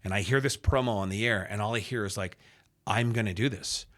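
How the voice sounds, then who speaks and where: A man in his fifties from Reno, Nevada, a radio host and sports announcer telling stories as a podcast guest, animated and acting out the people he describes, with plenty of fillers. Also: fairly low pitch, a little fast. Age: 50s. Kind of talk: casual storytelling interview.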